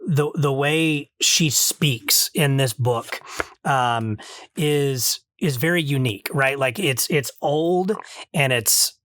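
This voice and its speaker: A man's voice: medium pitch, slow, a bit bright, no echo, clean studio sound. A man hosting a podcast, chatting casually through a review in an earnest, thinking-aloud way with frequent restarts. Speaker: podcast host.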